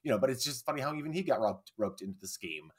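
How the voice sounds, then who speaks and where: A man's voice: medium pitch, expressive, quick pace, husky. Rambling, swearing male podcast co-host. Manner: rambling, swears freely, acts out quotes. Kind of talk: casual film discussion.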